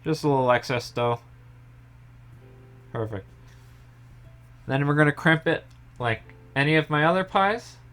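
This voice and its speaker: A young man talks through a pie recipe in his home kitchen, his voice smooth and resonant and sitting a little high for a man. His explaining is relaxed and step-by-step, often trailing off softly at the ends of phrases. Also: unhurried, long pauses, soft background music. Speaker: home baker. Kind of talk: casual cooking tutorial.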